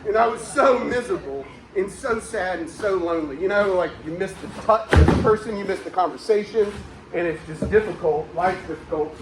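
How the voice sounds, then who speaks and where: Music and crowd noise fill the echoey room as a man performs a deadpan comic story, faking sincerity, dropping in pretend ad reads and laughing mid-bit. He speaks fairly quickly in a high voice.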